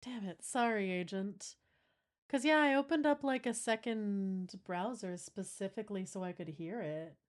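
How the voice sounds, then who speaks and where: A woman streamer chats casually with her viewers while troubleshooting her audio setup, swearing now and then as she talks to chat. Her voice is mid-range and her pace moderate.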